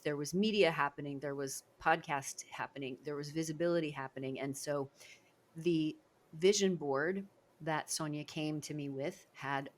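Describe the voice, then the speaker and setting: A low-pitched woman hosts an interview podcast as a speaking coach. She talks in an effusive, encouraging manner and heaps praise on her guest. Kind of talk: interview conversation.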